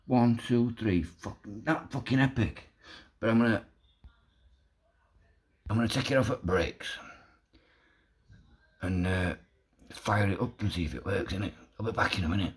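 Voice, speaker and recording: A man filming a do-it-yourself vlog while fixing a washing machine, excitable and swearing constantly. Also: fairly low pitch, moderate pace, long pauses. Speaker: vlogger. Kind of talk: casual DIY vlog.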